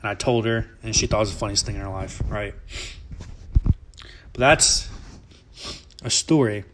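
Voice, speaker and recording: A man's voice: fairly low pitch, moderate pace, a bit bright, a little hiss or hum. A young man from Alabama, telling a family story casually in a rambling, profane, often laughing way. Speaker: vlogger.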